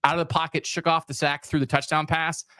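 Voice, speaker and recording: A man's voice: fairly high pitch, little pitch movement, fast talker, pushed and bright, no room sound. Emphatic man talking football. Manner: emphatic, builds points in long lists. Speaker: podcast co-host. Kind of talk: sports podcast chat.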